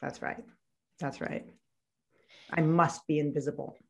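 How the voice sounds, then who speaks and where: A woman guest on an interview podcast, telling a painful childhood story in a halting, reflective way with many fillers and restarts. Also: sits low, steady tone, vocal fry. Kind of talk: candid personal storytelling in an interview.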